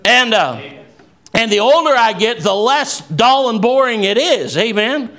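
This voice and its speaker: High, bright-voiced impassioned preacher man. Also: expressive, measured pace. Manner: impassioned preaching, swinging between low asides and raised shouts; quotes scripture. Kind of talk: fervent sermon.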